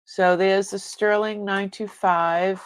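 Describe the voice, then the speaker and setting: A woman's voice: mid-range voice, steady tone, slow pace, clean tone, no room sound. A woman hosting a live online jewelry sale, chatting casually with viewers and rambling, often breaking off mid-sentence. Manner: chats with viewers reading comments.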